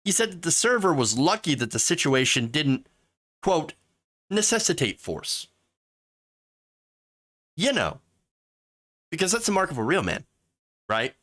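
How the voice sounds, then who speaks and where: A man's voice: a little high, sing-song, measured pace, long pauses, a bit bright. A man hosting sarcastic political commentary, mocking and mimicking the people he talks about. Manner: mocking, with exaggerated mimicking voices.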